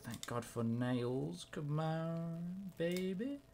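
A young man chatting casually and excitedly to himself in a card-opening vlog. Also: fairly high pitch, extremely slow, a little hiss or hum. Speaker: YouTuber.

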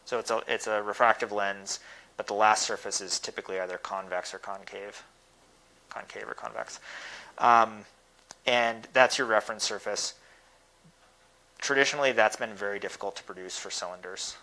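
Man, fairly low voice, bright tone, technical Q&A answers, faint noise. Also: fairly even intonation, normal speed, rough recording. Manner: thoughtful, technical, hesitant with fillers. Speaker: guest speaker answering questions. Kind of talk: academic Q&A.

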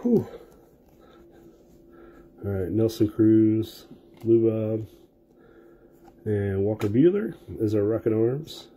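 A man's voice: on the low side, slow pace, long pauses, dark tone, a little hiss or hum. A man casually calling out player names and card finds as he opens packs during a live sports card break.

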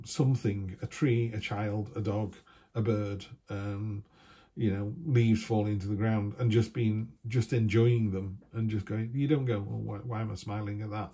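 A tarot reader, male, offers a casual reading in a husky, somewhat low voice. He sounds mellow and takes his time, chatting his way from one card to the next with small asides.

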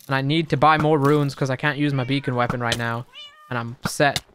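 A young man giving casual, excitable gameplay commentary, talking to the creatures on screen and swinging between muttering and sudden shouts. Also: medium pitch, a little fast, noisy background. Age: young adult. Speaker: gaming YouTuber.

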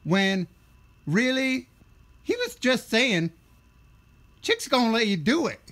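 A man voicing an exaggerated, crude redneck guy with a loud, mocking, drawling delivery. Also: very high voice, wildly swooping pitch, slow pace, pitched above the performer's own voice, exaggerated voice.

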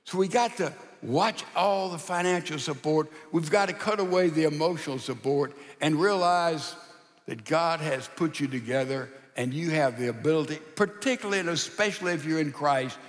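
A male pastor preaching a sermon in a folksy, animated storytelling style with rhetorical asides. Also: a little high, moderate pace, in a large hall.

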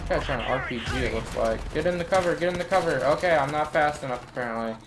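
A frustrated man rants and swears through his gameplay commentary. Clear gunfire and explosions from the game sit behind his voice. He talks like someone who is easily riled up. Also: fairly high pitch, fast talker, noisy background. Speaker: gamer and channel host. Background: shooter game gunfire and explosions.

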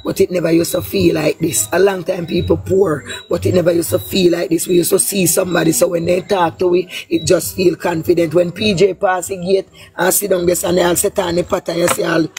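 A woman's voice: on the low side, little pitch movement, brisk, dark tone, faint music behind. A woman with a Jamaican Patois accent giving a heated, casual political rant, blunt and profane, with a lilting sing-song delivery. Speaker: political commentator.

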